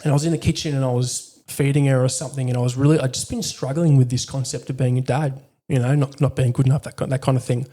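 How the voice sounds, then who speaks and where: Blunt, swearing man, mellow. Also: medium pitch, steady tone, fast, few pauses. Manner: blunt, heavy swearing, frequent fillers. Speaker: podcast guest, military veteran. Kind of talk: candid conversational storytelling.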